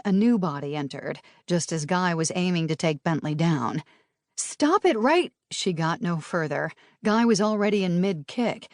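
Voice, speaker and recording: A woman narrating an audiobook in a brisk, lively storytelling manner. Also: on the low side, no echo, studio quality.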